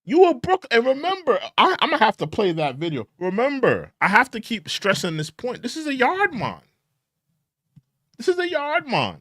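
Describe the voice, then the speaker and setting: A man hosting an opinionated commentary show, talking in a mocking, repetitive and animated way. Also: very high voice, normal speed, no room sound, studio quality. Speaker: commentary channel host.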